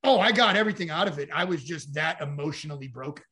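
Bright-voiced man telling his story frankly. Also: fairly high pitch, expressive, fast talker. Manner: rambling, frank, swears, acts out quoted dialogue. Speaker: podcast guest. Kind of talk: candid personal storytelling.

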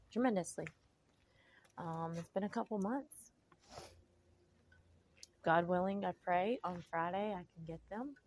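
A middle-aged woman giving an emotional personal testimony, slow and heartfelt with faith-filled sighs and pauses. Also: on the low side, a little hiss or hum. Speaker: vlogger.

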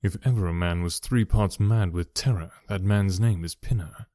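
A man voicing a calm, shrewd male detective in an audiobook, low and deliberate. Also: no room sound, studio quality, close to an everyday voice. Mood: measured. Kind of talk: audiobook character voice.

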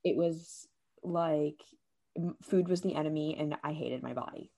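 A woman's voice: sits low, a little slow, creaky, dark tone. A woman hosting a podcast, effusive and emotional, talking in a loose, filler-heavy way. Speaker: podcast host. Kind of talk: casual interview chat.

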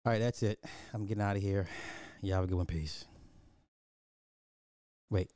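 A man giving a blunt, animated movie review in casual chat, talking straight to his viewers. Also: fairly low pitch, moderate pace, no echo, clean studio sound.

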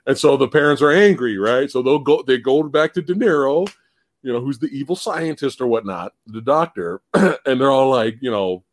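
A man hosting a casual live-stream podcast about movies, animated, laughing often and swearing casually. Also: mid-range voice, moderate pace, no room sound. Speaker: podcast host.

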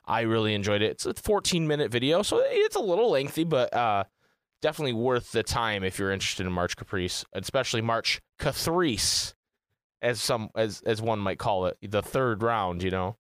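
A man's voice: fairly low pitch, sing-song, normal speed, no echo, studio quality. A man co-hosting a gaming podcast in casual chat, rambling and swearing freely. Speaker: podcast co-host.

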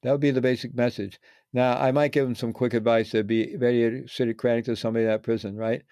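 A man's voice: medium pitch, little pitch movement, fast, mellow, no echo, studio quality. A man talking as an interview guest, earnest and reflective, often restarting words and adding "right?" tags. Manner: earnest, repeats words, adds tag questions. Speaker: guest, former prisoner teaching meditation practice.

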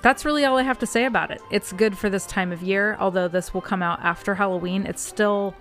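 An easygoing woman co-hosting a podcast, chatting in a mid-pitched, conversational voice. Soft music sits faintly underneath. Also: brisk. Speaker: podcast co-host. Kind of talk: casual chat.

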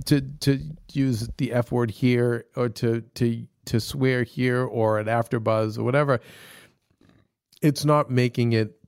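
A podcast co-host speaks in a mid-range voice with a steady, clean tone and a measured pace, in a dry recording with clean studio sound. His casual chat rambles, full of restarts and fillers.

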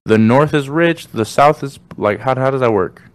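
A man's voice: mid-range voice, moderate pace, clear, resonant tone, no echo. A young man from Mexico hosting a podcast, talking loosely with slang, jokes and swearing. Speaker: podcast host. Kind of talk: casual chat.

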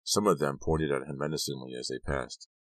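A man narrating an audiobook in a steady, even storytelling voice. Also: extremely low pitch, a little fast, dry recording. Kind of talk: scripted narration.

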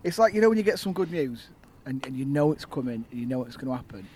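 A man with a Leeds accent co-hosting a casual chat in a back garden, excitable with loud bursts of elation. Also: mid-range voice, fast, a little hiss or hum. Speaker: podcast co-host. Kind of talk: casual celebratory chat among friends.

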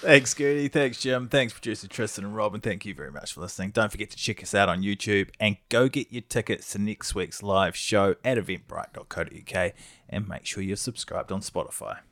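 A man hosting a podcast, wrapping up the show briskly and informally. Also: fairly low pitch, a bit bright, dry recording, clean studio sound. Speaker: podcast host. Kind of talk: show wrap-up.

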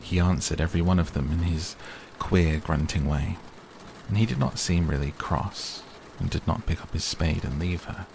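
A man softly reading a bedtime audiobook in a calm, even way. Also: low voice, moderate pace, gravelly, slight background noise. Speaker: audiobook narrator. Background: rain sounds.

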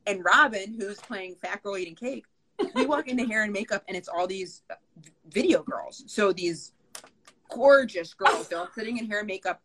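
A woman's voice: medium pitch, moderate pace, a bit bright, poor audio. A young woman co-hosting a casual chat, telling a long story with lots of "like" and plenty of swearing. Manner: rambling, lots of "like", swears freely. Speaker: podcast co-host.

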